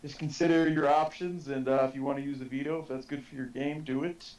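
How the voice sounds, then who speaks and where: A man who once played the game, now a guest commentator on a casual live show, talking in a relaxed way with frequent hesitations. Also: medium pitch, fast talker, poor audio. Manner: relaxed, hesitant, many fillers.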